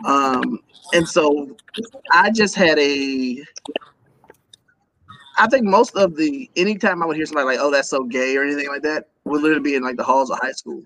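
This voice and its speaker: A man talking as a guest in a casual interview, animated and laughing often, with quick asides. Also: fairly high pitch, slight background noise, rough recording.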